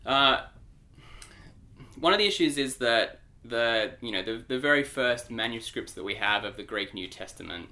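A man co-hosting a church podcast, explaining Bible passages in a lively, teacherly way. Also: mid-range voice, moderate pace. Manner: explanatory, animated. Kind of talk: podcast discussion.

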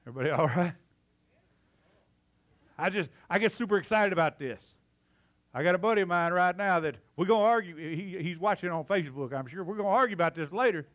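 Man, fervent sermon, breathless, fairly high voice. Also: brisk. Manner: excitable, shifts from loud preaching to hushed emphasis. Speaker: pastor.

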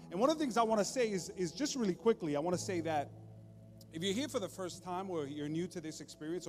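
Joking pastor preaching in a reverberant hall. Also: male voice, fairly high pitch. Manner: conversational and joking, drops to soft intimate tone. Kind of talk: sermon. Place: church stage. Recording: long hall reverb, faint music behind.

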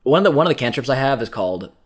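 A man's voice: mid-range voice, big pitch swings, very fast. A man playing a tabletop game, hesitant and unsure, asking about the rules. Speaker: player.

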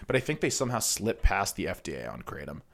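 A man's voice: low voice, big pitch swings, fast, vocal fry, a bit bright. A young man co-hosting a podcast, chatting loosely and swearing as he tells stories. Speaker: podcast co-host. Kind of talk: casual chat.

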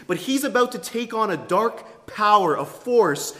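A man delivers a sermon at a very slow, measured pace, leaning hard on key words and letting his volume rise and fall widely. His voice sits a little high for a man, and it rings out with the long reverb of a large church sanctuary. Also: animated. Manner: emphatic, deliberate preaching with wide swings in loudness. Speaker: preacher.

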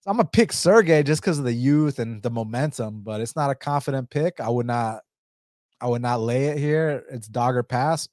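A man's voice: medium pitch, moderate pace, darkish tone, no echo, clean studio sound. A young adult man giving a casual, blunt fight breakdown and betting picks, talking animatedly, swearing and using plenty of fillers. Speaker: MMA betting analyst.

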